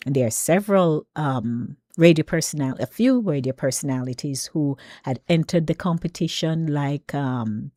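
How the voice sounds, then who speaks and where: A woman's voice: deep voice, mellow, no echo, clean studio sound. Chatty Jamaican woman hosting radio. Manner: chatty and emphatic, with drawn-out stresses. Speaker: radio talk show host. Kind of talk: casual call-in radio chat.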